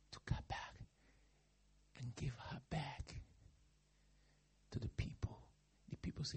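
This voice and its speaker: A man preaching a sermon as a pastor, with a raspy, husky voice and dramatic swings from hushed tones to shouting. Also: a little high, wildly swooping pitch, a little slow, pauses often, in a whisper.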